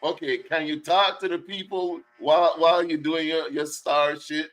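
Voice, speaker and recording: A man's voice: a little high, steady tone, moderate pace, a bit bright. A man hosting a live stream interview in casual, joking chat, wearing headphones. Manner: loose, joking, talks over troubles with his setup. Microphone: headset with headphones.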